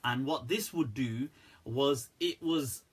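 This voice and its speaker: A man, an Islamic scholar, answering viewer questions on a live stream in a candid, animated way, laughing often. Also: mid-range voice, slow pace, husky.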